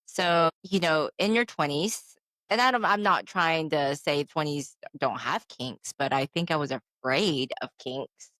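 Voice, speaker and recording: A woman's voice: low-pitched, a little slow, a bit bright, dry recording. A woman in her forties co-hosting a podcast, talking candidly and animatedly, telling stories with frequent "I'm like" asides. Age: 40s. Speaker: podcast co-host. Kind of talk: candid casual chat.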